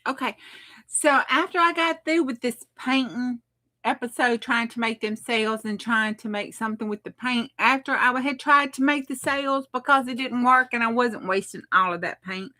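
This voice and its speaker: Her voice is slightly high and bright with a forceful edge, and she talks at a moderate pace. She's a middle-aged craft livestreamer who chats easily with viewers, laughs a lot, and answers what the chat says.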